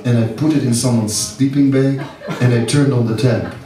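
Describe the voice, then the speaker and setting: A middle-aged monk giving a seminar talk, self-mocking and anecdotal, laughing often and rambling with fillers. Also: male voice, mid-range voice, steady tone, moderate pace, over music. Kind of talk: spiritual talk to a live audience. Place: large seminar hall. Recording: echoey hall, distant mic, audience.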